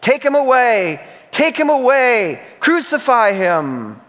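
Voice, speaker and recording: A man shouting as an angry crowd. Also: extremely high pitch, big pitch swings, slow, voice pushed up, exaggerated voice. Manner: shouting, insistent. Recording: reverberant church hall.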